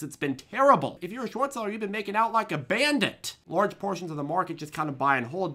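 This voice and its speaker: A man giving energetic stock market commentary, emphatic and quick with jokey asides. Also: on the high side.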